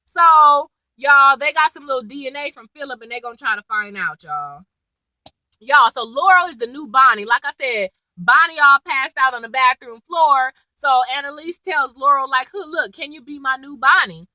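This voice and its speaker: At normal speed and high in pitch, a woman speaks on poor audio with no room sound. She's a TV recap vlogger giving a chatty, animated retelling of an episode, quoting and acting out lines and laughing.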